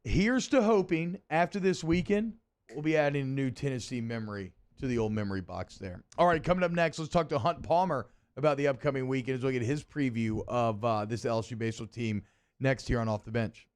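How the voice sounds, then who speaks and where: A man's voice: medium pitch, brisk, smooth. A man from Atlanta hosting a sports radio show, chatting and reminiscing in an upbeat way. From Atlanta, USA. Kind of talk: casual sports radio chat.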